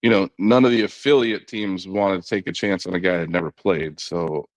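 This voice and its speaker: A middle-aged man speaks in a very low, deep voice, recorded dry and close with no room sound. He tells a long story in an easy conversational way, slipping other people's words into his own voice and peppering it with "you know." It sounds like a relaxed podcast guest. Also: normal speed, dry recording. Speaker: podcast guest, former knuckleball pitcher.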